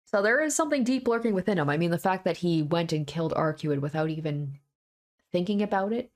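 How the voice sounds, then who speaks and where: A woman streaming a visual novel, breaking off the reading for animated, rambling casual commentary. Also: on the low side, a little fast.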